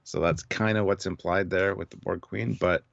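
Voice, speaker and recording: Low-voiced guy on a live stream, reads out donations, kinda muffled dry sound. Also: moderate pace, vocal fry, no room sound. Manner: relaxed, reads out viewer comments and donations. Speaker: co-host of a live discussion show. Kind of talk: casual live-stream chat.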